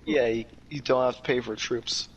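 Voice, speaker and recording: A young man, slightly hoarse, rambling casually with lots of fillers while playing a game. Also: mid-range voice, steady tone, moderate pace, poor audio. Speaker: gamer. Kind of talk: casual chat over gameplay. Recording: game gunfire and engine noise behind.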